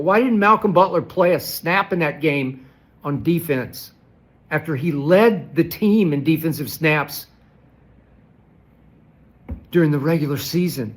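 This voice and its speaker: A man arguing hard as a sports commentator, firing rhetorical questions and repeating key phrases for emphasis. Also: a little high. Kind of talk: heated sports debate commentary.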